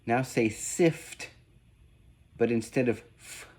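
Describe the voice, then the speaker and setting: A man slowly giving spoken sound-swap drills, one deliberate prompt at a time. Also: medium pitch, darkish tone. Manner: slow, deliberate, evenly paced prompts. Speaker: reading test examiner. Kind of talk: slow scripted phoneme drill.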